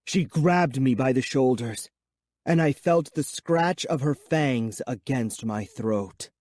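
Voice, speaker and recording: A man narrating a children's horror audiobook in first person with a measured, suspenseful reading. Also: mid-range voice, darkish tone, no room sound, studio quality.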